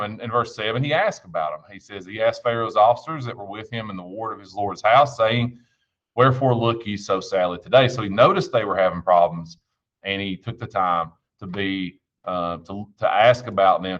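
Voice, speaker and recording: A man's voice: on the low side, a bit bright, highs cut off. A man giving an informal devotional talk, telling stories in a folksy, earnest way with frequent restarts. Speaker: church devotion speaker and school bus driver.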